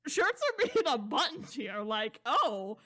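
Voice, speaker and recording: A woman with a slightly high voice chats her way through a story recap. She talks loosely and wanders, tossing in "blah, blah" and the odd curse as she goes. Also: sing-song, takes it slowly, bright, forceful tone. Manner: rambling, loose and profane, heavy on fillers like "blah, blah". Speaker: podcast co-host. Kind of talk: casual chat recapping a book.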